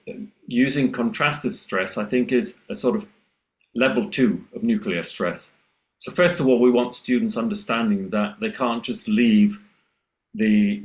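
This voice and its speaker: A man with a lowish voice talks through pronunciation teaching on a video call. He explains in a steady way and jumps up in pitch to act out his students. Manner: lively, acts out students' voices in a higher pitch. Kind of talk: explanatory webinar discussion.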